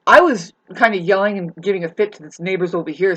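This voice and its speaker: A woman venting in a ranting monologue, profane and agitated, swinging from loud scolding to hushed asides and stumbling over her restarts. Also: medium pitch, fast talker, few pauses. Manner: stammering restarts. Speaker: vlogger.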